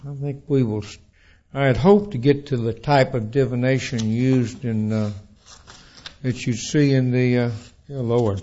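A man preaching a sermon, telling stories in a folksy, animated way. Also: fairly high pitch, dull audio. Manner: folksy, animated storytelling with restarts.

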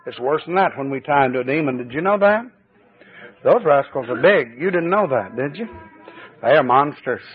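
A man preaching a fervent sermon at a church service, his voice swinging between high exclamations and low, confiding asides. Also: animated, moderate pace, faint music behind. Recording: tinny old cassette tape recording.

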